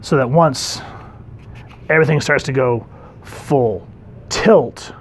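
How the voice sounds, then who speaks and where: A man's voice: medium pitch, slow, slight background noise. Enthusiastic man reviewing comics. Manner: enthusiastic, conversational with frequent fillers. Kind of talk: casual commentary.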